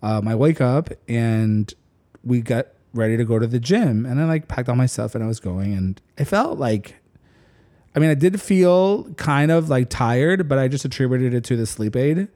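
Man, podcast co-host, mid-pitched, chatty storyteller who swears freely and fills with "like". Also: moderate pace. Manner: animated, leans on "like", swears casually. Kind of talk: casual storytelling chat.

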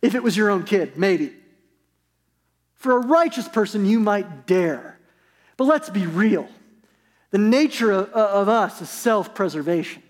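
Male pastor, high voice, earnest conversational sermon delivery; church sanctuary with long reverb. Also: expressive, a little slow, long pauses. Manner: earnest, conversational preaching with rhetorical questions. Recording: long reverb of a large hall.

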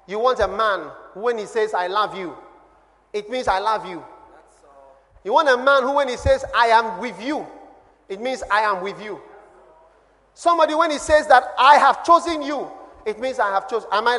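A man with a Ghanaian accent preaching a sermon as a pastor, his voice dropping low and then swelling loud. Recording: long hall reverb.

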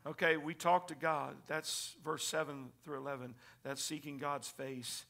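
Preacher, male, high pitched and bright, dynamic sermon delivery from whisper to shout. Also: little pitch movement, measured pace, gravelly. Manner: preaching with scripture readings, swings from whispers to shouting. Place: church before a congregation.

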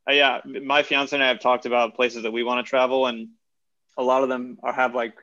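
A man's voice: mid-range voice, level tone, brisk, sharp tone, lo-fi sound. A young adult man co-hosting a podcast, chatting casually in a thoughtful, wordy way. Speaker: podcast co-host. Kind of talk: casual chat.

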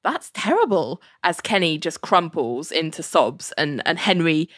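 A woman's voice: low voice, unhurried, fairly bright tone, no echo, studio quality. A woman casually recapping a show, chatty, acting out quoted lines and laughing often.

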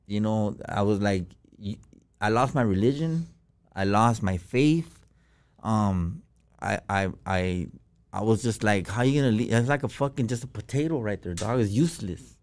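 A man's voice: on the low side, animated, a little slow. A man telling a personal story as a podcast guest, in slangy, profane casual talk full of fillers.

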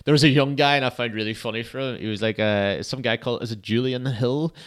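A man's voice: medium pitch, steady tone, quick pace, a bit bright, clean tone. A young man hosting a podcast, chatting casually in a rambling, laid-back way and swearing often. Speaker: podcast host. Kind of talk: casual solo chat.

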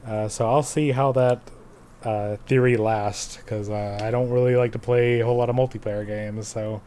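A man's voice: medium pitch, level tone, normal speed, mellow, a little hiss or hum. A man co-hosting a podcast, talking in easygoing casual chat with some fillers. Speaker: podcast co-host.

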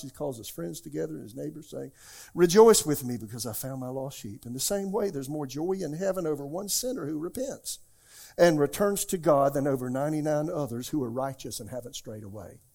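A male pastor preaches to his congregation in a church sanctuary, his voice pitched somewhat high for a man. He is animated, jumping from loud, emphatic exclamations down to soft, hushed asides. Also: creaky. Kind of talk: sermon.

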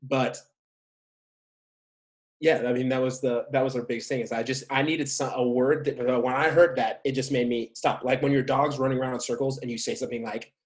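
A man's voice: mid-range voice, flat delivery, a little fast. Jokey man co-hosting with his partner. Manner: jokey, playful, self-mocking. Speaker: podcast co-host. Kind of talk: casual chat with partner.

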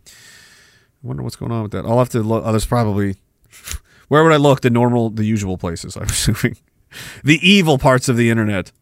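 A man's voice: mid-range voice, brisk, pauses often, no echo, studio quality. A young adult man hosting a casual livestream podcast, reading chat comments and talking bluntly with a combative, swearing manner.

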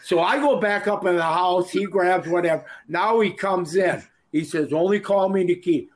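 A man's voice: high voice, moderate pace. Older Minnesota man spinning rambling yarns. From Minnesota, USA. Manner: rambling, jokey anecdotes with shouted impressions. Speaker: interview guest, retired wrestler. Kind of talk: storytelling in casual chat.

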